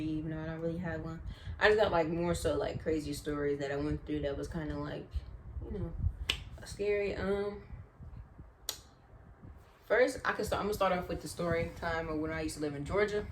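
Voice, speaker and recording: A young adult woman, a vlogger, telling casual, animated, slang-filled stories in storytime style. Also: lowish voice, a little hiss or hum, low-quality recording. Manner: chatty, slangy, animated retelling.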